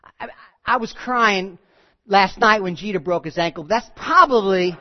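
A man preaching a sermon in a conversational, animated way, with frequent asides. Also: high-pitched, moderate pace, muffled recording. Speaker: pastor.

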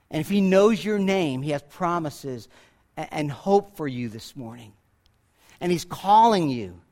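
Male pastor, high voice, dynamic sermon delivery with loud peaks and soft asides. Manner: dynamic preaching, swinging between loud emphatic peaks and quiet asides. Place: church.

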